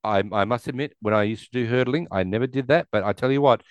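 A man's voice: medium pitch, fast talker, clean tone, no room sound, muffled recording. A man casually recapping a movie on a podcast, retelling scenes and acting out the characters' lines. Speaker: podcast co-host. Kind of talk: casual film recap chat.

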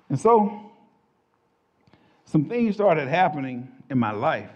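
A man, a pastor telling his testimony in an animated, colloquial way, acting out the quotes. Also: medium pitch. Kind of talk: personal testimony storytelling. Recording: dull lo-fi recording.

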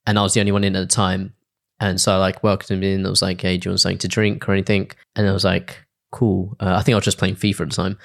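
Young man, low voice, rambling, laughing, casual storytelling. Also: little pitch movement, very fast, vocal fry. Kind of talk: casual chat.

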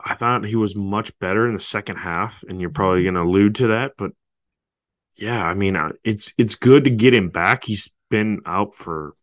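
A man with a lowish voice chats about football on a podcast, halting and restarting his sentences. The sound is dry and close, with no room to it. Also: dry recording. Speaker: podcast co-host. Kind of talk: casual football podcast chat.

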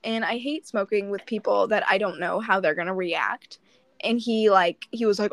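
A woman's voice: medium pitch, fairly quick, a bit bright, no room sound. Young woman rambling through a dating story. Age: young adult. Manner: rambling, swears often, acts out dialogue. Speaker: podcast co-host. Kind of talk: casual storytelling chat.

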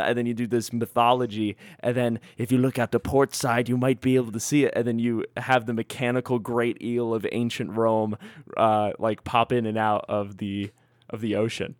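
A man chatting on a podcast, rambling and laughing as he pitches silly ideas. His voice sits at a middle pitch. The sound is dry and close, with no room echo. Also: level tone, normal speed. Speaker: podcast co-host. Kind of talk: casual comedic chat.

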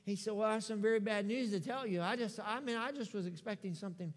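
A middle-aged American man preaching a sermon, telling a personal story with acted-out dialogue, rising loud then dropping to a hush. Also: high-pitched, quick pace. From United States. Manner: animated storyteller, acts out dialogue, swings from loud to hushed. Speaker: pastor. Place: church sanctuary. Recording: long reverb of a large church hall.

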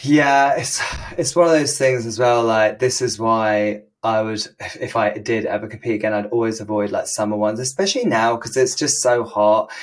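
A man's voice: fairly low pitch, moderate pace. A man hosting a podcast, chatting casually, laughing often and swearing now and then. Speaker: podcast host.

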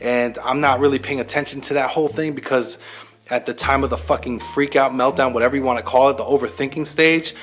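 A man's voice: mid-range voice, steady tone, fast talker, fairly bright tone, soft background music. A man telling a personal story in a casual, heavily profane, self-mocking monologue to his listeners. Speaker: military veteran host.

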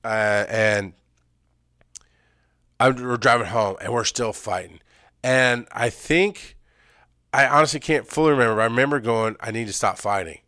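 A middle-aged man speaking in a blunt, emphatic way, his delivery swinging from loud outbursts to low, hushed stretches. His voice sits at an ordinary pitch for a man. The sound is close and dry, with no room echo. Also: a little slow, long pauses. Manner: raw, emphatic storytelling, swings between loud and quiet. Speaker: speaker sharing his experience. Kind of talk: personal story and advice.

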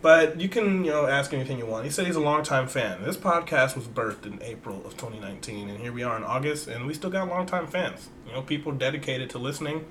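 A man's voice: medium pitch, expressive, quick pace, few pauses, a bit bright, a little hiss or hum. A man co-hosting a podcast in casual chat, joking, laughing often and reading listener emails aloud. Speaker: podcast co-host.

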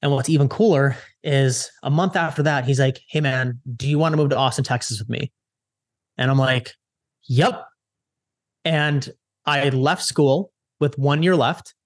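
A young man from the Chicago area, a social media strategist, telling a story casually in an interview with lots of quick retellings and restarts. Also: mid-range voice, no echo, studio quality. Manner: animated, lots of "I'm like" retellings, fast restarts.

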